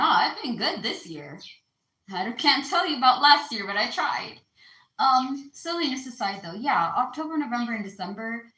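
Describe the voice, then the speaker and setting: A woman's voice: mid-range voice, sharp tone, echoey room, low-quality recording. A woman giving a casual astrology card reading, chatty and slangy, calling her listeners baby. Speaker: tarot card reader.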